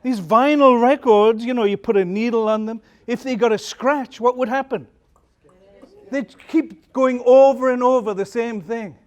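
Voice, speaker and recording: High-voiced man giving a conference talk. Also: normal speed, lo-fi sound. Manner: conversational, storytelling, asks the audience questions. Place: conference hall.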